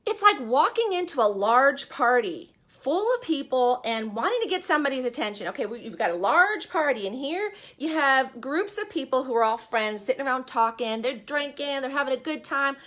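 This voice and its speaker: A woman's voice: high voice, animated, normal speed, hardly any pauses, fairly bright tone. A woman giving a chatty, upbeat live-stream talk as an online business coach. She speaks from a bedroom in her house and often puts questions to her viewers.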